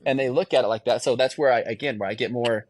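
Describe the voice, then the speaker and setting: A man's voice: medium pitch, quick pace, no room sound. A man in his thirties, a guest in an interview, talking earnestly and reflectively and often restarting his phrases. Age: 30s. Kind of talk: candid conversational interview.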